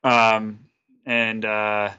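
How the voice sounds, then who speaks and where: A man's voice: fairly low pitch, monotone, drawn-out words, pushed and bright, smooth, no echo, dull audio. A man on a podcast as a guest, telling a rambling, self-deprecating story full of fillers. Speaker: podcast guest, wrestler and musician. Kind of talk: casual interview storytelling.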